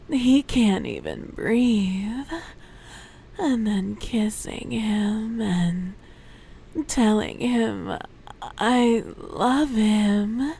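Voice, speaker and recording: A woman voicing an obsessive, smothering young yandere woman in a whispered role-play, slow and breathy. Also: medium pitch, dark tone, a little hiss or hum, heavily acted.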